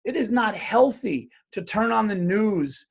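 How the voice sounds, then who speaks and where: Profane rambling comedian, higher voice. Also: male voice, measured pace, creaky, breathy edge. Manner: profane, rambling, animated rants. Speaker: comedian podcast host. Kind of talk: solo comedic monologue.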